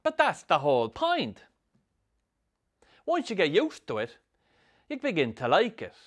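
An actor voicing a boastful young Irish champion runner with a Sligo accent, preaching about training. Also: male voice, sits high, wildly swooping pitch, measured pace, pitched above the performer's own voice, exaggerated voice.

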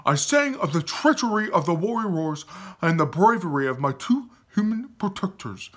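A defiant young prince from a storybook, pressing his warning hard, his voice husky and rising and falling with feeling, as a man reads him aloud. He talks with urgent emphasis. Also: high-pitched, fairly bright tone, voice pushed up, heavily acted. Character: proud defiant young male forest-tribe prince.

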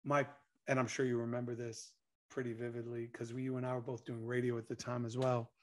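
A man, telling an animated story as an interview guest and acting out quotes. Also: medium pitch, brisk. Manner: excitable, acts out quotes, laughs.

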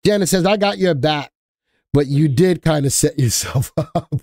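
A man's voice: a little high, expressive, normal speed, darkish tone, no echo. A man hosting a live stock market stream, chatting casually and joking with viewers in the chat. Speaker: stock market livestream host.

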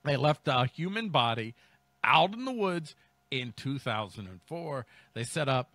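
A man's voice: medium pitch, big pitch swings, a little slow, fairly bright tone, no room sound. A man hosting a comedy news show, reading stories aloud and mocking them with ad-libbed riffs. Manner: mocking, riffing, reads then ad-libs. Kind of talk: comic commentary on news stories.

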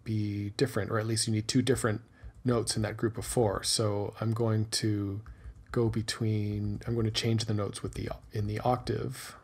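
Man, lowish voice, talking through a music tutorial over his screen, methodical, musing aloud as he works. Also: level tone, moderate pace, darkish tone, breathy edge. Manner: explanatory, methodical, thinking aloud while working. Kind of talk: screen-recorded tutorial narration.

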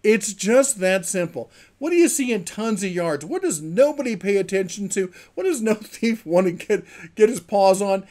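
A man's voice: high-pitched, big pitch swings, moderate pace, hardly any pauses, a little mellow. A man hosting his own channel, talking casually and enthusiastically in a rambling, chatty way. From Mountain West of the USA. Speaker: channel host. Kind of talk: casual vlog talk to camera.

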